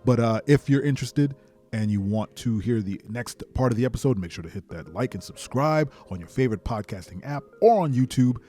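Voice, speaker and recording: A man hosting a podcast, narrating an imagined match in excited play-by-play and shouting sound effects. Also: medium pitch, a little fast, faint music behind. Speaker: podcast host.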